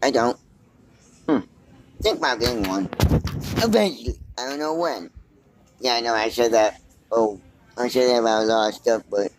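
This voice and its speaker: A man's voice: mid-range voice, normal speed, pauses often, low-quality recording. A man vlogging casually from inside a big store on a handheld phone, rambling and thinking aloud as he browses. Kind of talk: casual walk-and-talk vlog.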